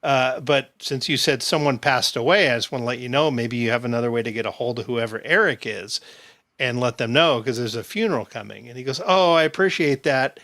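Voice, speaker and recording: A man's voice: mid-range voice, brisk. A man casually telling a long anecdote to friends, acting out what people said and laughing often. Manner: animated storyteller, acts out quotes, laughs often. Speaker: podcast host. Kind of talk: casual storytelling chat.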